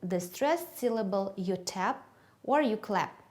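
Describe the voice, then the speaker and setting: A woman with a Kyrgyz accent, a teacher trainer giving a methodology lesson to English teachers, speaking slowly and carefully and stretching words to show their stress. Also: mid-range voice, animated, noisy background.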